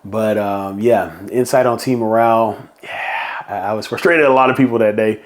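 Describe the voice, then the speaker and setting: A middle-aged man hosts a podcast, telling a story in a casual monologue and acting out quotes with bursts of higher pitch. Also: moderate pace, a little hiss or hum. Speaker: podcast host.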